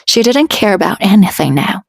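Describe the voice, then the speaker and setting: A woman storyteller reading a fantasy romance aloud in a steady, unhurried way. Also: mid-range voice, vocal fry, husky, dry recording.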